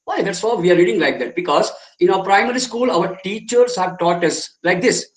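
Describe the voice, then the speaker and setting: A man leads an online training session in a high, bright-pitched voice. He circles back over his own phrases and keeps quizzing his listeners. The sound is roomy and echoey. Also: a little fast, few pauses. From India. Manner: repeats phrases and fires rhetorical questions at the audience. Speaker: memory trainer. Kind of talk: online webinar lecture.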